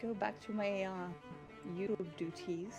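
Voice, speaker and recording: A woman's voice: mid-range voice, fairly even intonation, a little slow, music in the background. A woman chatting in character during a roleplay, dry and matter-of-fact. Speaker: roleplay partner.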